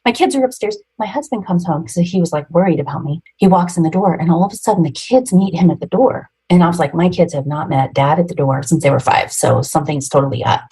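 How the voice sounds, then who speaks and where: A woman's voice: on the low side, fast talker, hardly any pauses, mellow, husky, rough recording. A woman in her forties, a podcast guest, retelling a personal story emotionally and ramblingly, with nervous laughs.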